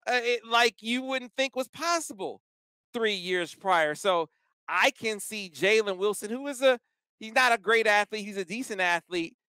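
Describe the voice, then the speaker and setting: A male podcast co-host with a slightly high, clear and crisp voice, telling his stories with lively emphasis. His talk is casual and excited, and the sound is bright and close to the mic. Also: normal speed, dry recording. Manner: animated, emphatic storytelling. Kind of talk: casual sports podcast chat.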